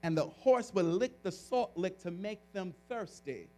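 A male pastor preaching a sermon, telling a story in an animated, chatty way with frequent restarts and laughter. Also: high voice, measured pace.

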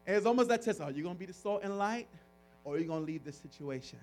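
A male pastor preaching a sermon, telling a story in an animated, chatty way with frequent restarts and laughter. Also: high-pitched, very fast, faint music behind.

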